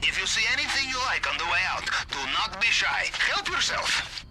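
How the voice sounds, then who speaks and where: An actor playing a calm, dry-witted male heist handler who speaks over radio comms in a video game. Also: high-pitched, normal speed, noisy background. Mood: warning.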